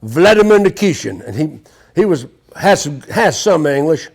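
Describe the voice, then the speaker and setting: A man's voice: on the high side, sing-song, moderate pace, gravelly, slightly rough. A man teaching a live sales seminar to an audience, brash and profane as he tells stories. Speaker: sales trainer.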